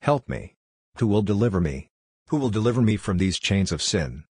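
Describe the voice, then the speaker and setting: Distraught middle-aged woman, chief's wife, pleading, voiced by a man, very deep husky voice. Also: big pitch swings, moderate pace, a little mellow, no room sound, studio quality. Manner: pleading, anguished reading.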